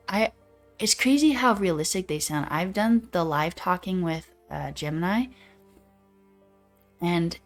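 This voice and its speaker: A young woman hosts a livestream in casual, easygoing chat, reading out viewer comments and riffing on them playfully. Her voice sits a little on the low side. Faint music plays quietly behind her. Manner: chatty, laid-back, quotes AI voices playfully. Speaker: livestream host.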